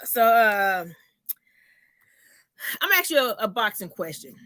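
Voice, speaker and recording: A woman comedian telling stories in a casual chat, animated and salty, acting out the people in them. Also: on the high side, measured pace, no room sound. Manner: animated storyteller, acts out voices, swears freely.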